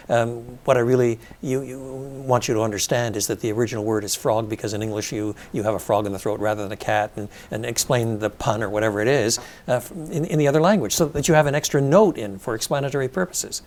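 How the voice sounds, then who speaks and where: An older man answering interview questions at length, thoughtful and measured, with frequent ums and restarts as he explains. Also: medium pitch, a little mellow. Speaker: interview guest, scholar.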